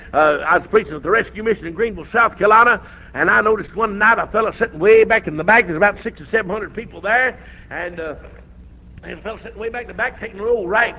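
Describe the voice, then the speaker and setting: Revival preacher, male, high voice, folksy storytelling that breaks into shouts; muffled old recording.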